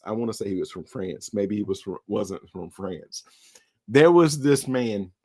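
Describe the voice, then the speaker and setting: A man co-hosting a casual movie-discussion podcast, telling animated stories and acting out the characters' voices. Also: mid-range voice. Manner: animated storyteller, acts out voices. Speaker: podcast co-host.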